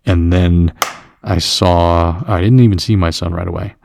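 A low, gravelly American man in his forties chats on his podcast, rambling through his week with a curse here and there. His voice sits close and dry, with no room around it. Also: steady tone, measured pace, a little mellow, no echo. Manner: rambling, cursing, self-deprecating storyteller. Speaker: podcast co-host. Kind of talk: casual chat.

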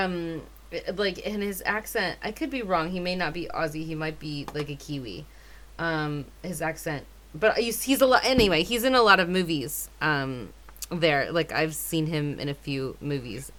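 Low-voiced chatty woman. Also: animated, moderate pace, a bit bright. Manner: enthusiastic, chatty, filler-heavy. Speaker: podcast co-host. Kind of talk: casual chat.

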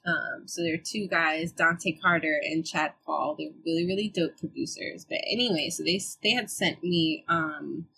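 A woman's voice: deep voice, moderate pace, creaky, few pauses, bright, forceful tone, low-quality recording. A young woman guest, a musician, chatting in a laid-back, slangy way and laughing often. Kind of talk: casual chat.

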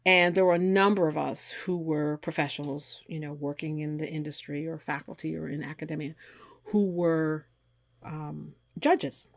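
A woman's voice: low voice, steady tone, normal speed, creaky, no room sound. A woman in her fifties, an engineer and guest, telling a story with animation and acting out the voices of the people in it. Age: 50s. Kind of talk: storytelling in a conversation.

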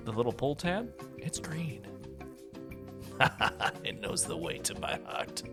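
A man's voice: on the high side, sing-song, slow, fairly bright tone, soft background music. A man co-hosting a casual podcast, joking around and laughing often. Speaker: podcast co-host. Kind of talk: casual chat.

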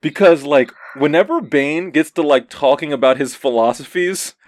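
A man's voice: fairly high pitch, moderate pace. A man co-hosting a casual podcast chat, slangy and laughing often as he talks. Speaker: podcast co-host.

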